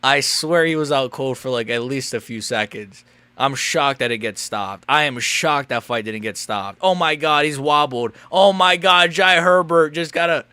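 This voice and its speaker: A young man live-streaming a fight watch-along, rambling and crude, quick to get loud. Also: on the high side, clean tone, no echo.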